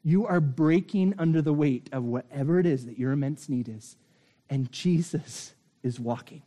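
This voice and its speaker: A man preaching a sermon with a mellow, dark-toned voice pitched a little high. He moves between excited bursts and low, hushed intensity to drive his points home. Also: moderate pace. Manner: dramatic, swings from loud excitement to hushed intensity. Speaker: pastor.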